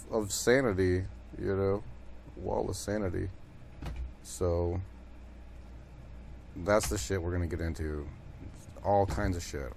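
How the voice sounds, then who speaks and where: A man's voice: medium pitch, a little mellow. A man hosting his own podcast in a casual, rambling monologue, swearing often and filling gaps with "you know". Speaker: podcast host.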